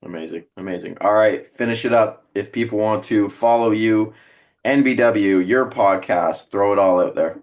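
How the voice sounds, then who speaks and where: Low-voiced male podcast host, laid-back. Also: normal speed. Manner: brief upbeat interjections, laid-back wrap-up. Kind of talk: casual podcast hosting.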